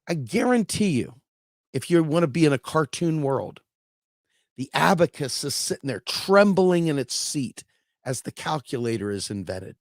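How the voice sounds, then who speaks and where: A man's voice: mid-range voice, animated, normal speed, no room sound, clean studio sound. A man hosting opinionated solo political commentary who talks bluntly, with swearing and sarcasm.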